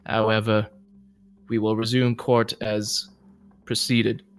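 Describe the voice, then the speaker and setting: A man voicing a stern male judge who gives measured, formal rulings in a tabletop role-play. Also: on the low side, flat delivery, smooth.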